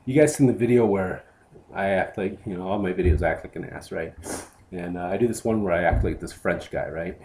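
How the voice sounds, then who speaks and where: Deep-voiced man giving a subdued tribute. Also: brisk, mellow, slight background noise. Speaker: hot sauce reviewer vlogger. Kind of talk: heartfelt spoken tribute to a friend.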